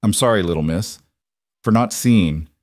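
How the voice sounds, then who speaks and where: A man voicing a nervous male shopkeeper, apologetic and fretful, with hurried, apologetic speech. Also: fairly low pitch, darkish tone, no echo, clean studio sound, natural voice.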